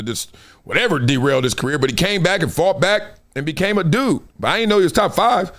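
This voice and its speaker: Lively, animated male sports-show host. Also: fairly high pitch. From Compton, California. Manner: animated, playful, slangy, laughs often. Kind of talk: casual live-stream sports talk.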